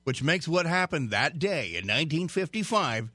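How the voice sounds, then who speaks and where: A man filling in as a radio talk show host reads a news story in a chatty way, stumbling here and there and tossing in jokey asides. His voice is a little high, bright and forceful, very animated, at a moderate pace, with no room sound.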